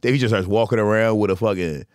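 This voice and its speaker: A man's voice: fairly low pitch, fast talker, dry recording, studio quality. A middle-aged man hosting a casual comedy chat, telling stories with lots of laughter and acted-out quotes. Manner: animated storyteller, laughs often, acts out quotes. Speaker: podcast host.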